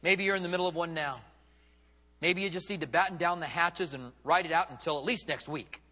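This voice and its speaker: A man preaches in a high, bright, ringing voice, acting out the lines he quotes with sweeping dramatic rises and drops. His words trail off into the long reverb of a church sanctuary. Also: a little fast. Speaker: pastor. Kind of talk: sermon.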